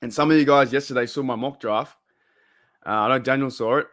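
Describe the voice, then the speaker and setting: A man's voice: mid-range voice, steady tone, brisk, a bit bright. A young Australian man hosting a casual livestream, chatting loosely and reading out viewers' messages. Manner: rambling, reads chat aloud, loose and chatty. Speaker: livestream host.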